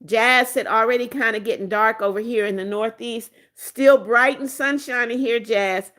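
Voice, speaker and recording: A woman's voice: fairly high pitch, steady tone, normal speed, a bit bright. A middle-aged American woman hosting a livestream in casual chat, reading viewers' comments aloud and answering them in a friendly way. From United States. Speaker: livestream host.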